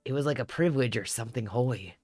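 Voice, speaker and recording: A man doing a calm, low-voiced tall young man. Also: fast, no room sound, studio quality, soft background music, natural voice.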